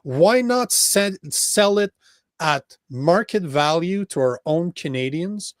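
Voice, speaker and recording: An emphatic man with a Quebec French accent, talking politics on a podcast with a fairly high voice. He swears freely and restarts sentences as he pushes his point. The sound is dry and close. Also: expressive, slow pace, dry recording. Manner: emphatic, profane, restarts often. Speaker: podcast host. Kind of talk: casual political chat.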